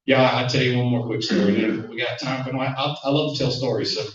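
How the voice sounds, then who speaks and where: A man's voice: medium pitch, steady tone, fast talker. Folksy Southern man, echoey distant room. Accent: Southern US, Alabama. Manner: conversational storytelling, repeats words at starts. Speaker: congressman speaking as guest. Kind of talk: folksy speech with anecdotes. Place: meeting room at a club luncheon. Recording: very echoey room, distant mic, dull sound.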